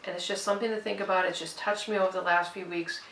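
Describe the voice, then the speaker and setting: A woman's voice: on the low side, fairly even intonation, quick pace, a bit bright, a little hiss or hum. A woman who works at a clinic, giving a heartfelt speech in an earnest way, repeating herself and quoting what people said. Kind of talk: heartfelt personal storytelling speech. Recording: echoey room, voice from a distance.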